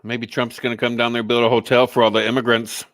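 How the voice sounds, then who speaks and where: A man's voice: medium pitch, flat delivery, quick pace, a bit bright, no echo. A man co-hosting a call-in show in casual chat, blunt and profane, often joking. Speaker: co-host.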